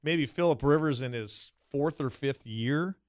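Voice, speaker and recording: An animated man co-hosting a casual sports podcast, with a medium-pitched voice. He tells stories with gusto and leaps up high when he quotes people. His voice sounds close and dry, with no room echo. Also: unhurried. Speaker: podcast co-host.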